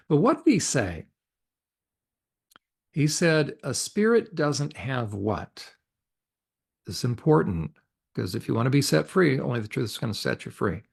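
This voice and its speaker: A man with a gravelly edge and a mid-range voice, talking as a counselor guest on a podcast. He teaches in an earnest, emphatic way, firing off rhetorical questions and answering them himself. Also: medium pitch. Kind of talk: earnest faith-based teaching talk.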